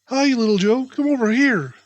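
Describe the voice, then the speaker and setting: A man voicing an eager young male muskrat who calls out excitedly in a storybook reading. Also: sits high, normal speed, voice pushed up. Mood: shouting. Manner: excited, calling out.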